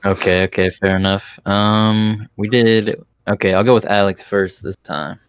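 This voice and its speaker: A man's voice: on the low side, fairly even intonation, a little slow, a little hiss or hum. A man in his twenties hosting a podcast, chatting casually in a laid-back, slangy way. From Florida. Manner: laid-back, slangy, says "freaking" a lot. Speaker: podcast host. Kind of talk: casual chat.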